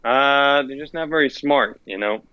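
A man's voice: mid-range voice, normal speed, clean tone, dry recording, dull audio. A teenage boy co-hosting a casual chat podcast, rambling and correcting himself as he tells stories. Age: teens. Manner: rambling, self-correcting storyteller. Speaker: podcast co-host.

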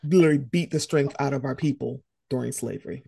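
A woman co-hosting a podcast in easygoing conversation. She talks with lively swings and acts out reactions with sudden jumps up in pitch. The sound is dry and close. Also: fast talker, creaky, husky, dry recording. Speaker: podcast co-host. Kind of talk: casual conversation.

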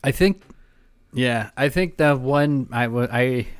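A man's voice: mid-range voice, slow pace, clear, resonant tone, dry recording. A man co-hosting a casual sports chat, telling his side in a laid-back, chatty way. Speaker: podcast co-host.

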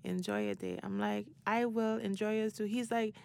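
A woman's voice: mid-range voice, little pitch movement, normal speed, creaky, darkish tone. A woman hosting a podcast, telling a story in a casual, slangy way and laughing often. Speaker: podcast host.

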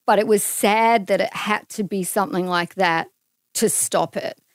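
A woman's voice: medium pitch, moderate pace, no room sound, clean studio sound. A middle-aged woman from Australia, a podcast guest telling a personal story in casual conversation and acting out the dialogue. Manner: animated, acts out dialogue in her stories.

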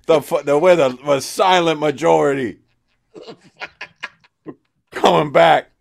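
A man's voice: fairly high pitch, takes it slowly, gravelly, pitched above the performer's own voice, full character voice. A man voicing a smug, self-important male internet commenter in a mocking, blustering parody.

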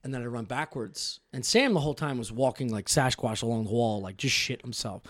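A man's voice: mid-range voice, lively intonation, brisk, a bit bright, no echo. Profane rambling man telling stories. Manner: profane, rambling storyteller with many restarts. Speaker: podcast guest storyteller. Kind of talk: casual podcast chat.

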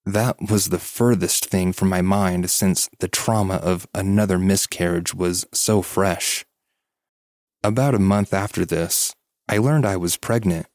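A man hosting a podcast, calmly reading a listener's story aloud as scripted narration. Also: sits low, no room sound, studio quality. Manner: calm, measured storytelling.

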